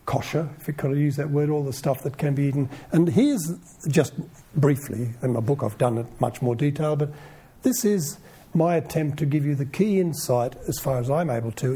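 Husky, warm-voiced male Bible teacher. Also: medium pitch. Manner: conversational, rhetorical questions, lively asides.

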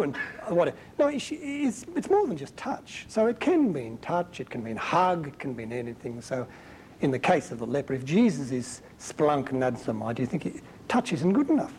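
A man giving a conversational Bible teaching as a preacher, talking in an animated, colloquial and emphatic way. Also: on the high side, normal speed, a little hiss or hum, poor audio.

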